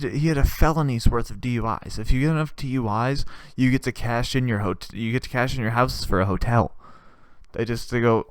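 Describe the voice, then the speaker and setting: Young male comic host, sarcastic and rambling, with a smooth voice recorded dry. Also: medium pitch, brisk, dry recording. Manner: rambling, sarcastic, laughing at his own jokes. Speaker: comedy video host. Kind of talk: comedic monologue.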